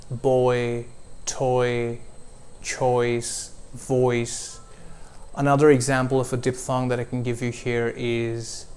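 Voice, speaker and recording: Slow-talking male coach. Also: medium pitch, darkish tone, smooth. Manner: slow, deliberate, models sounds for repetition. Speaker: accent coach. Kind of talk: pronunciation lesson.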